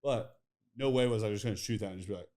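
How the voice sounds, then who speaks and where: A man's voice: fairly low pitch, very fast, dark tone. A man hosting a podcast in casual chat, rambling through stories with lots of fillers. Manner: rambling, filler-heavy, laughs at his own stories. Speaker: podcast host.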